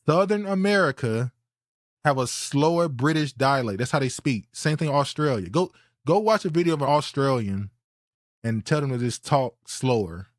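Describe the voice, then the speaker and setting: A man's voice: mid-range voice, lively intonation, moderate pace, dry recording, studio quality. A man hosting a podcast, reacting bluntly and indignantly to clips and often repeating words as he restarts. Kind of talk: reaction commentary.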